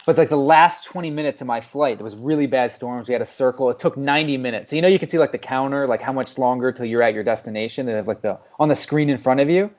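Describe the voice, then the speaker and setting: Podcast co-host: male, mid-pitched, expressive, profane storyteller, lo-fi sound. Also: fast, hardly any pauses. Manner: animated storytelling, swears often, acts out people. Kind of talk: casual chat.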